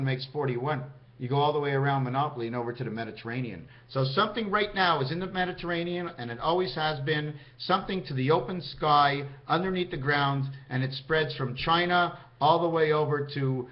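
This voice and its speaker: A man talking in a meandering vlog monologue, counting out numbers and speaking directly to his viewers. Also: fairly high pitch. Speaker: vlogger. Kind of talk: rambling numerology monologue to camera. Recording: dull lo-fi sound.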